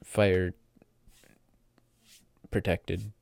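A deep-voiced teenage man tells his story in a loose, casual vlog style. He rambles, piles up fillers and corrects himself mid-sentence. The sound is dry and close, with no room around it. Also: flat delivery, drawn-out words, gravelly, a little mellow, dry recording. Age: teens. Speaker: vlogger.

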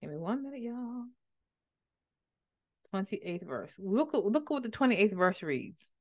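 A woman teaching the Bible on a podcast, animated and conversational, repeating words for emphasis. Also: mid-range voice, measured pace.

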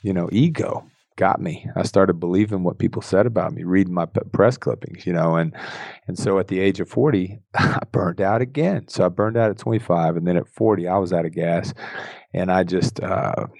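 A man's voice: low voice, moderate pace, creaky, darkish tone, dry recording. A middle-aged man telling his own story as an interview guest, intense and self-deprecating, often laughing. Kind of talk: candid personal storytelling.

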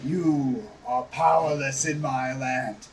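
A man voicing an ancient vampire lord who speaks slowly with cold, possessive menace, recorded from a distance with faint music. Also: mid-range voice, steady tone, close to an everyday voice. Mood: menacing. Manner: slow, measured, threatening.

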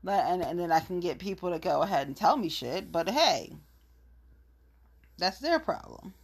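A woman's voice: lowish voice, expressive, normal speed, breathy edge. A woman in a casual monologue rant, blunt, profane and gossipy, telling her side of a story.

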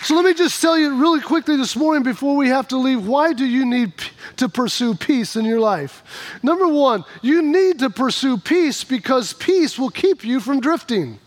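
A man preaching a Sunday sermon in a strikingly high voice. He tells stories and hammers key points with repetition. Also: animated, moderate pace, some chatter behind. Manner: storytelling preacher, emphatic repetitions. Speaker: pastor.

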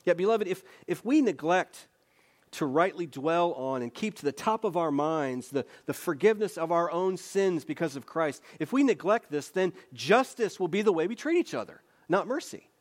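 A man's voice: fairly high pitch, animated, moderate pace. A man preaching a sermon as pastor, earnest and emphatic, with repeated phrases and conversational rhetorical questions.

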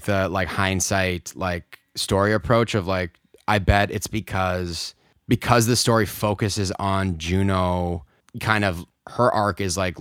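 A man co-hosting a podcast in casual movie talk, animated and quick, full of fillers and restarts. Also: sits low, no echo, clean studio sound. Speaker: podcast co-host.

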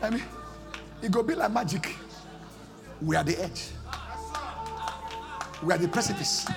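Nigerian man, pastor preaching a sermon; high gravelly voice, shouts then pleads. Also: unhurried, music in the background. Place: church service.

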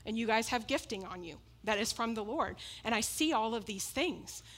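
A woman with a somewhat high voice delivers a sermon with emphatic, repeated phrases. She keeps coming back to her points and laughs between them. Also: lively intonation, moderate pace, a bit bright. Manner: emphatic and repetitive, with frequent laughs. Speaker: preacher.

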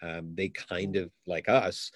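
A man's voice: low voice, fairly even intonation, slow pace, no room sound. A middle-aged man, a comedian from Canada, chatting in an interview and telling rambling stories with many restarts. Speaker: comedian guest. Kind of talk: casual interview chat.

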